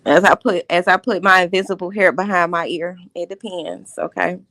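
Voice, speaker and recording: A livestream host speaks briskly in a lowish, slightly bright voice with fairly even intonation. Her casual commentary is blunt and confrontational, built on repeated calling-out questions. The sound is dry and close, with no room sound.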